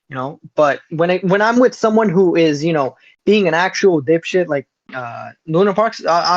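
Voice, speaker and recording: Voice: mid-range voice, dry recording, dull audio. A guest in a casual online chat, speaking bluntly and laughing things off.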